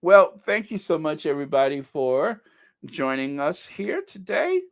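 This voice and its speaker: Slow, lively middle-aged male host. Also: fairly high pitch, creaky. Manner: joking, self-mocking, mock-indignant outbursts. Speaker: channel host. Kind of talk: casual livestream chat reading comments.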